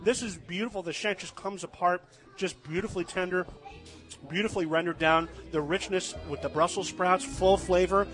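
Bright, enthusiastic radio food host. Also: male voice, high voice, steady tone, normal speed, faint music behind. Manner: enthusiastic, gushing about food. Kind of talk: live radio talk show. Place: live remote broadcast from a ranch saloon.

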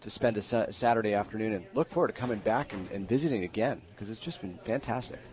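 A man's voice: on the low side, darkish tone. A man co-hosting a live radio food segment, talking effusively about the dish. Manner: effusive, rapid talk with restarts. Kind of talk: live radio talk show.

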